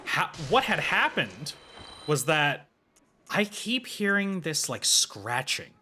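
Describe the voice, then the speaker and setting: Male streamer, comic casual storyteller, bright tone, very lively pitch. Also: takes it slowly, a little hiss or hum. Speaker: livestreamer. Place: home.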